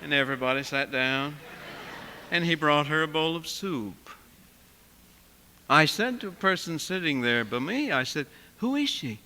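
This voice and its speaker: A male preacher telling a sermon story vividly, swinging from loud lines to quiet ones. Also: fairly high pitch, animated, normal speed, pauses often, a little hiss or hum. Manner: vivid storyteller with wide swings in loudness, dropping to a hush. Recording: long hall reverb.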